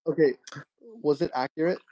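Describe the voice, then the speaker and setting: A man's voice: on the high side, fairly even intonation, moderate pace, mellow. A young man chatting casually with a friend on a stream, playful and eager, teasing him with jokes and suggestions. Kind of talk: casual chat.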